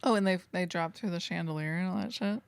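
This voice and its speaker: Woman podcast co-host, casual chat, low gravelly voice, joking self-mockingly, laughing often, dry close sound. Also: quick pace, no room sound. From Northern California.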